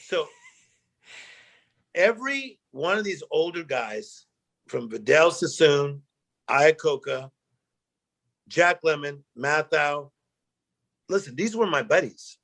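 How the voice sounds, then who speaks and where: A middle-aged man, a guest speaker, telling animated personal stories in a chat and acting out the quotes. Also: on the high side, slow pace, vocal fry, pauses often. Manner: animated storyteller, acts out quotes, emotional. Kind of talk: storytelling interview chat.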